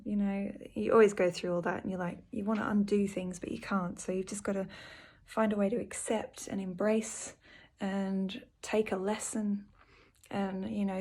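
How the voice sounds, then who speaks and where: A woman talks to her viewers from home in an earnest, heartfelt way, softly and with many pauses and fillers. Her pitch sits in the middle and stays level, with little rise or fall. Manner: soft, earnest and emotional, with frequent fillers. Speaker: vlogger. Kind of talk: personal video update.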